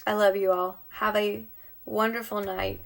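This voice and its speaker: A woman's voice: mid-range voice, little pitch movement, a little slow. A woman talking heartfelt and encouraging on a live stream from home, sometimes dropping to a near-whisper. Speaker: beauty vlogger. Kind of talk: emotional live-stream monologue.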